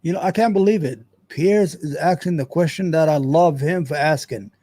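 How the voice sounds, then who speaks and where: Hosting a commentary show, a man talks over clips in a blunt, profane, rambling way, restarting often. His fairly high voice has a dark quality and a normal pace, and the dry recording carries no echo.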